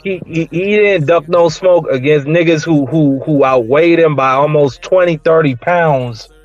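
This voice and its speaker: A man's voice: a little high, unhurried, no room sound. A man in a casual boxing chat, talking in a heated way and repeating himself. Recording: dull lo-fi audio.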